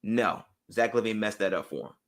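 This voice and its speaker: A man's voice: lowish voice, a little fast. A man appearing as a guest on a sports talk show, giving opinionated takes. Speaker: guest analyst.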